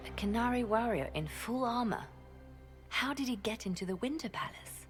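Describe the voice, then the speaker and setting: Actress as a sharp, dry-witted spymaster, calm delivery, soft score behind. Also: female voice, a little high, moderate pace, faint music behind, lightly acted. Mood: composed. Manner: dry, composed.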